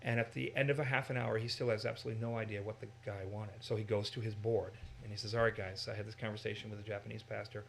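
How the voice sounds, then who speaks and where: An American man teaching in a casual discussion, animated and given to acting out voices in his examples. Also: lowish voice, quick pace, creaky, hardly any pauses, a little hiss or hum. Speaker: Bible teacher.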